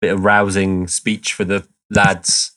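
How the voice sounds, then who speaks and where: A man's voice: low voice, little pitch movement, takes it slowly, pushed and bright. A man co-hosting a podcast, easygoing, explaining and reading out background notes. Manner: easygoing, explains and laughs along. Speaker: podcast co-host.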